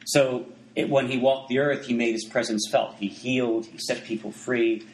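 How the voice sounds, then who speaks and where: A man gives a sermon in an easygoing, conversational way, often breaking off into asides and restarting his sentences. His voice sits at an ordinary pitch. The room around him rings with echo. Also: fairly even intonation, moderate pace, slight background noise. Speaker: preacher.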